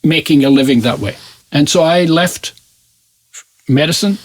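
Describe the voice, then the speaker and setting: A man's voice: on the high side, normal speed. A man in his eighties, a guest in an interview, telling his life story in a reflective, searching way that often trails off mid-sentence. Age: 80s.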